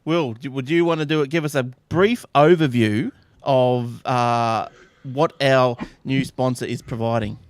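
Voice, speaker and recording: A man's voice: mid-range voice, a little slow, clear, resonant tone, dry recording. Australian man hosting a podcast. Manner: relaxed, steers the talk with fillers. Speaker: podcast host. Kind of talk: casual podcast chat.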